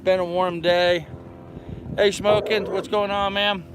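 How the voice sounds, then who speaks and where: A man's voice: high-pitched, level tone, unhurried. An older man vlogging casually from his boat outdoors in a marina, rambling and greeting passing neighbors. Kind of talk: casual chat to camera. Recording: wind noise outdoors by the water.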